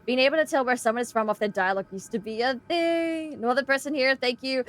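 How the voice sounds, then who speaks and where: A young Australian woman streaming a horror game, chatting excitedly with her viewers. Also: fairly high pitch, fairly quick, hardly any pauses. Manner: chatty, excitable, greets chat. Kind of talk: casual gameplay stream chat.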